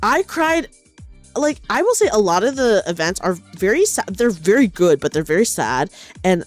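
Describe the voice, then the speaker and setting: Young woman host, casual stream chat, animated and sweary, very lively pitch, faint background music. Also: normal speed. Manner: animated, swears, trails into quiet mumbles.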